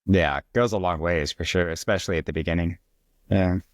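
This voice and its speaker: A man hosting a casual interview, asking questions in a relaxed, conversational way. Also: deep voice, fairly quick, dry recording, clean studio sound. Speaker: podcast host.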